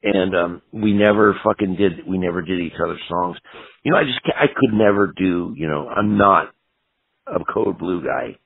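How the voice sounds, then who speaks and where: Husky low-voiced man, rambling and profane. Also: moderate pace, dry recording. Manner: rambling, profane, lots of "you know". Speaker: punk guitarist interview guest. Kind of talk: casual storytelling interview. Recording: tinny phone-like audio.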